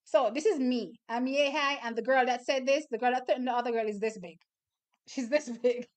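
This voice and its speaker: A young woman hosting a casual livestream, animated storyteller who laughs often. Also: fairly high pitch, brisk. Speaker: livestream host.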